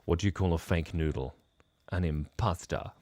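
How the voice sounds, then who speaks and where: A man's voice: low-pitched, moderate pace, noisy background. A man hosting a live drawing stream, chatting playfully and gushing with praise as he draws. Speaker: drawing livestream host.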